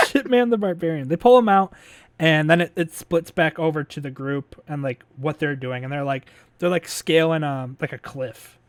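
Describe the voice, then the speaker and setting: A man's voice: fairly high pitch, moderate pace, dry recording. A man casually recapping a movie plot as a podcast host, rambling with lots of fillers, swearing and laughing as he goes.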